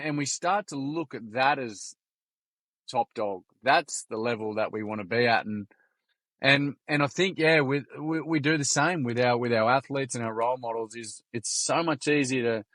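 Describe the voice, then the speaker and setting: An Australian man, a podcast guest, chatting casually as an animated storyteller with plenty of slang, swearing and restarts. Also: mid-range voice, no room sound. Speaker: podcast guest, youth workshop founder. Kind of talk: casual interview chat.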